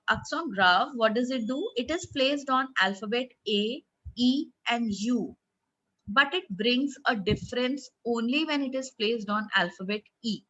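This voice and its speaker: A woman with an Indian English accent teaching a French class online, explaining slowly and quizzing her pupils. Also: fairly high pitch, bright, forceful tone, muffled recording. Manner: slow, explanatory, asks the class questions.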